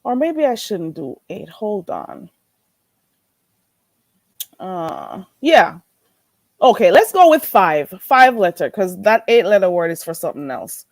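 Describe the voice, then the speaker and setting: A woman hosting a casual livestream, greeting viewers in a playful, animated way and laughing often. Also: mid-range voice, takes it slowly, pauses often, dry recording. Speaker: livestream host.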